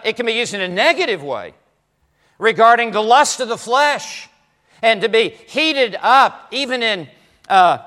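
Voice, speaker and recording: A high-voiced, bright-toned man delivers an expository sermon in a church, speaking slowly and deliberately. He is emphatic and builds to fired-up peaks, and the long reverb of a large hall trails after his words. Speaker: preacher.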